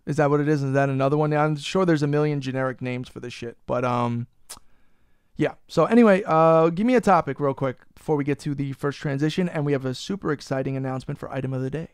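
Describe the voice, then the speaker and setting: A man's voice: a little high, fast talker, clean tone, dry recording, studio quality. A man hosting a casual podcast. He rants, swears freely and teases his co-host. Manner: profane, ranting, teasing his co-host.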